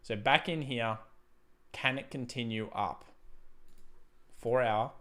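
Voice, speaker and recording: A man's voice: medium pitch, takes it slowly, fairly bright tone. A man hosting a live trading stream, thinking aloud over charts and thanking viewers by name. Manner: reads out viewer donations and thanks them. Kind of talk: live market commentary.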